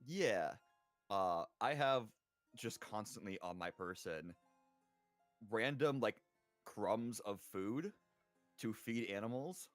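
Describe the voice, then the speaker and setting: A man with a low voice playing in a tabletop game, speaking casually and joking with the group. Faint music plays behind him. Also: expressive, slow, long pauses, dry recording. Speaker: player. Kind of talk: casual tabletop role-play.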